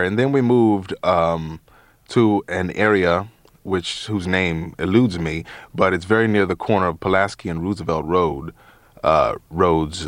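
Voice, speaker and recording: A man in his thirties with a very low voice talks as a guest on a radio interview. He speaks in a thoughtful, measured way and often pauses to search for words. The studio sound is close and dry. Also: no room sound. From Chicago, USA. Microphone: studio mic.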